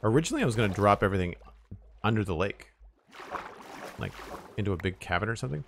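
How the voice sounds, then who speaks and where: A man with a low voice talks casually over his gameplay, half to himself and half to his viewers. He mumbles and trails off with filler words as he works. A faint hiss and clicking sit under the voice. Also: expressive, quick pace, pauses often. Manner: thinks aloud, mumbles, trails off with "uh". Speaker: streamer building in a survival game.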